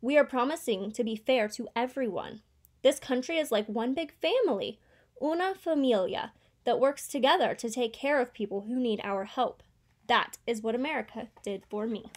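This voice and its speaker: Sweet older great-aunt, earnest and tender, kinda high voice woman reading a kids' book. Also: animated, normal speed. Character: warm older great-aunt, proud immigrant. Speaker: reader. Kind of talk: children's picture book read aloud.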